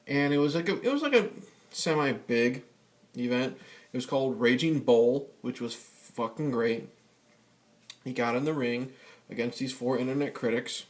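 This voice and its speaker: Profane rambling male vlogger. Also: mid-range voice. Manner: profane, rambling with many fillers and restarts. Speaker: YouTube vlogger. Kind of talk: casual ranting vlog.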